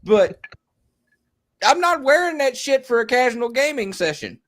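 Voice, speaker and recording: A man chatting casually on a livestream, animated and profane, throwing in quick jokes. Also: extremely high pitch. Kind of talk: casual chat.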